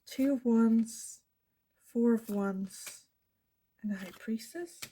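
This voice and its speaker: A woman's voice: on the high side, slow, breathy edge. A woman with a Dutch accent giving a pick-a-card tarot reading, thinking aloud and correcting herself as she goes. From Netherlands. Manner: thinking aloud, self-correcting, soft fillers. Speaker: tarot reader.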